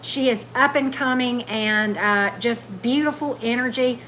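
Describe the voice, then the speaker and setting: A woman's voice: fairly high pitch, unhurried, a bit bright, slight background noise, poor audio. A woman hosting a tarot livestream, chatting loosely and answering viewer comments as they come in. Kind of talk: casual livestream chat with viewers.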